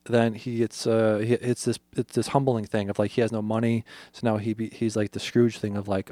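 A male podcast co-host, his voice on the low side, goes a little fast with hardly any pauses on a dry recording. Casual and animated, he retells a film's story in detail, acting out lines and cursing freely.

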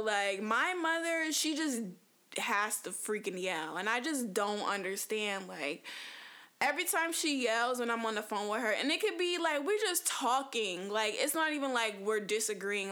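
A woman's voice: a little high, expressive, unhurried, bright, forceful tone. A woman talking frankly to camera in a casual personal monologue, chatty and full of fillers. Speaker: vlogger.

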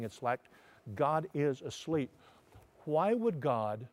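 A man, a pastor, preaching a sermon. He swings from loud emphatic lines to soft, slow, hushed passages. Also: medium pitch.

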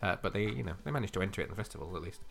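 A man's voice: deep voice, animated, racing, gravelly. A man co-hosting a casual comic book podcast, chatty and teasing, often laughing. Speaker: podcast co-host.

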